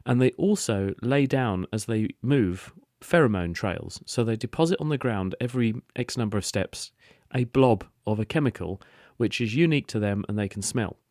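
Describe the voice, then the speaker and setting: A man's voice: fairly low pitch, expressive, moderate pace, hardly any pauses, a little mellow, no room sound, studio quality. A man on a radio phone-in answering listener questions, explaining science step by step with everyday analogies.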